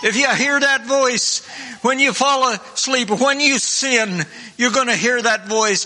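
Man, preacher, sermon, slow deliberate delivery, bright tone, long church reverb. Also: very high-pitched. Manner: fervent, repetitive preaching with frequent throat-clearing.

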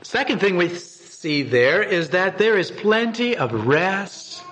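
Guy preaching a short devotional, earnest, kinda high voice that swings up and down a lot. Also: very animated, slow pace, a bit bright. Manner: earnest, repeats and restarts words, rises in pitch for emphasis. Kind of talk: devotional sermon with scripture reading.

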